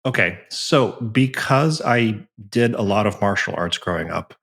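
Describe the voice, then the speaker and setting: A man's voice: fairly low pitch, animated, unhurried, vocal fry, fairly bright tone. A man chatting as a guest on a podcast, easygoing with self-deprecating humor, over a remote call. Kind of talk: casual podcast chat.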